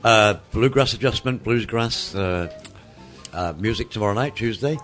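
Mancunian guy co-hosting radio, low voice, lots of ums, music faint underneath. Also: normal speed, a bit bright. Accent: Mancunian English. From England. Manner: rambling, hesitant, many fillers. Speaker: radio co-host. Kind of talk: casual radio chat.

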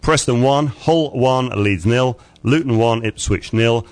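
A man's voice: mid-range voice, a little slow. A man hosting a radio show, reading a casual sports roundup with frequent fillers and chuckles. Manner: chatty, chuckling, lots of uhs while reading results.

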